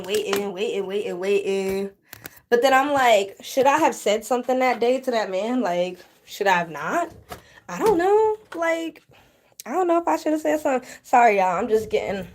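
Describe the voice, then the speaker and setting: A flight attendant woman gossiping casually to the camera, animated and laughing between sentences, from a hotel room on a layover. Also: fairly high pitch. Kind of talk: casual chatty storytime to camera.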